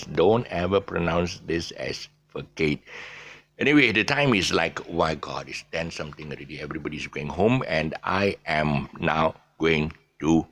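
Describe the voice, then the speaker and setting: Low, gravelly man teaching pronunciation. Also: a bit bright. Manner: hesitant, many fillers, spells out letters. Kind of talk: casual pronunciation lesson.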